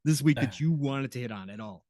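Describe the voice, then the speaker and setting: A man's voice: mid-range voice, brisk, a little mellow, no echo, clean studio sound. A man co-hosting a gaming podcast in casual chat, teasing and laughing often. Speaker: podcast co-host.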